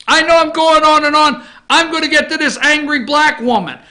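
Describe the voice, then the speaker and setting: A middle-aged man hosting an opinion talk show, ranting combatively and swinging between loud and low. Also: fairly even intonation, moderate pace.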